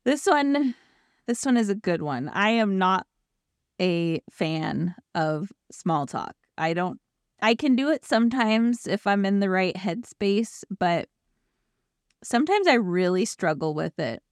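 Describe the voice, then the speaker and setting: A woman's voice: medium pitch, a little slow, dry recording, clean studio sound. Giggly woman chatting about a book. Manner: laughs often, animated quoted asides. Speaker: podcast co-host. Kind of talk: casual book discussion chat.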